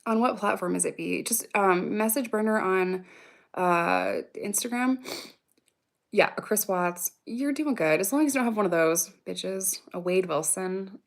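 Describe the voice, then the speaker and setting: Woman, 30s, casual livestream chat, vocal fry, middle pitch, swears a lot, laughs often, reacts to comments. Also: measured pace. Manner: profane, rambling, laughs often. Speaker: vlogger answering viewer comments.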